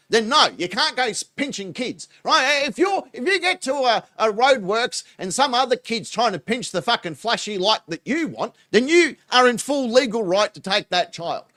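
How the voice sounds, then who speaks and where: A man's voice: very high voice, pushed and bright. A foul-mouthed man hosting a mocking reaction commentary show, laughing as he talks. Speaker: host.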